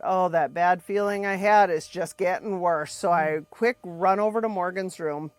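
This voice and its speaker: A woman's voice: lowish voice, no echo. A woman candidly retelling her family's story, acting out the dialogue and swearing bluntly as she goes. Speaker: podcast co-host telling her family's story. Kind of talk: emotional personal storytelling.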